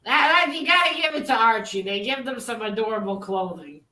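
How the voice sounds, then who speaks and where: Bright high-voiced woman hosting a panel. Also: animated, brisk, reverberant, rough recording. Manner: chatty, laughing often, swears casually. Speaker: panel host. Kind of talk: casual online panel chat.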